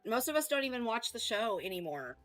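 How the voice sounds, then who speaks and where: A woman's voice: a little high, big pitch swings, a little fast, no echo, soft background music, rough recording. A woman hosting a heated reaction stream, talking back in a combative, sarcastic and profane way.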